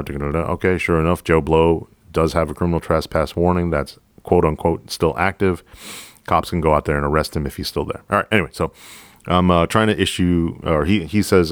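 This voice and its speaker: A police officer with a very low voice recounts a call at an easy, unhurried pace, swearing casually and staying deadpan. The sound is close and dry, with no room around it. He talks like he's chatting with a colleague. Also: no echo. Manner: casual, profane, deadpan storytelling. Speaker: podcast host, police officer. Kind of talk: storytelling podcast monologue.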